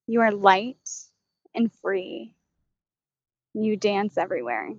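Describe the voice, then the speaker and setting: A woman channeling a calm, wise spirit guide. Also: medium pitch, slow pace, dry recording. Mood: serene. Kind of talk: channeling session. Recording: dull, dry, lo-fi sound.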